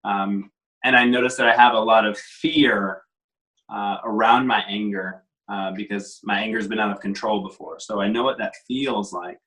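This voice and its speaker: A man talking as a guest in a casual conversation, reflective and measured, with frequent pauses. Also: on the low side, fairly even intonation, fairly bright tone, poor audio.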